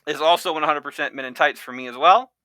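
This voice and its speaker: A man hosts a casual podcast chat with a strikingly bright, forward voice. He rambles and restarts his sentences often. The sound is dry and close. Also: fairly high pitch, quick pace, dry recording. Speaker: podcast host.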